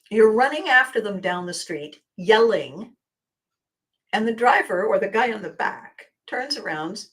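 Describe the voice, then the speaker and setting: A woman hosting a podcast, telling stories in an animated way, acting out quoted voices and dropping to quiet asides. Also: medium pitch. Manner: laughs often, drops to quiet asides. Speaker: podcast host and coach. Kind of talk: storytelling monologue.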